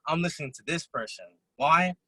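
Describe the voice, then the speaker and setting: A man giving a motivational talk to a group, telling stories and acting out quotes of other people in an animated way. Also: on the high side, fairly quick, husky, no room sound, rough recording. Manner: animated storytelling, acts out quotes. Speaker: motivational speaker. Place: event room.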